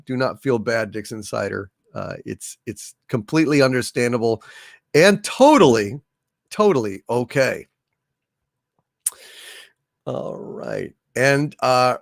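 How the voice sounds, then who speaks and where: A man's voice: mid-range voice, wildly swooping pitch, unhurried, vocal fry, dry recording, studio quality. A man hosting a livestream, reading viewer comments in rambling, plain-spoken casual chat, congested from allergies. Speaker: livestream host.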